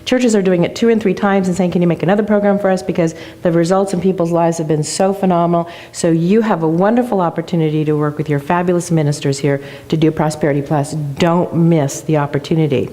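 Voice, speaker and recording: A woman's voice: on the low side, a little fast, hardly any pauses, warm tone. Enthusiastic woman giving a church talk. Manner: enthusiastic, storytelling. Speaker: guest speaker. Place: church sanctuary.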